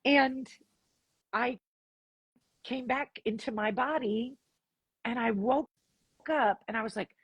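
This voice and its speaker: Breathy raspy woman guest, kinda high voice, animated storytelling, acts out the dialogue. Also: slow pace, pauses often, dry recording. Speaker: podcast guest. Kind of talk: storytelling in an interview.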